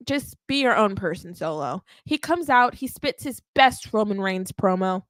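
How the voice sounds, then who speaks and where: Podcast lady recapping a wrestling show, animated and pushy, keeps going "okay?", dry close sound. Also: medium pitch, normal speed, few pauses, no echo. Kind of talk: live watch-along recap.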